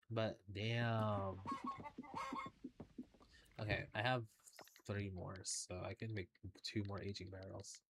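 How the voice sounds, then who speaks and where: A man's voice: medium pitch, background noise. A man streaming a game, chatting casually in a rambling way and swearing now and then. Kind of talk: casual gameplay chat.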